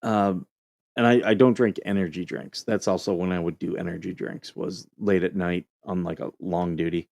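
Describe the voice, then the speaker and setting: A man who served as a Marine, hosting a casual call-in show and telling a story in a relaxed, rambling way with lots of fillers. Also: low-pitched, moderate pace, gravelly, no echo, clean studio sound. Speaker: show host, Marine veteran.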